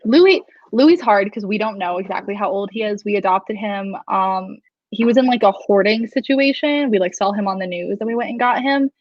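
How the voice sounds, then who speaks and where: A woman's voice: mid-range voice, fairly quick, dry recording. Chatty young woman, dull dry sound. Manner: chatty, many "like" fillers. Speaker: author hosting a release-day livestream. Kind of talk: casual chat.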